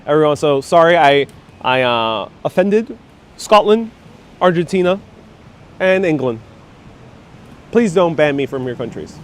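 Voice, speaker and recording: Man, live-stream host, joking and self-deprecating, slightly high voice, faint traffic behind, outdoors on clip mic. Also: lively intonation, a little slow, long pauses. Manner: joking, self-deprecating, reads chat messages aloud. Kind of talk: casual live-stream chat. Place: outdoors on a rainy city street. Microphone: wireless clip-on mic on a phone rig.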